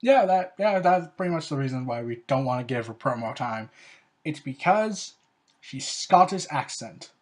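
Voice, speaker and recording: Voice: mid-range voice, lively intonation, normal speed. A show host giving a casual spoken review, rambling and opinionated, with frequent "like" fillers and sarcastic, ranting asides.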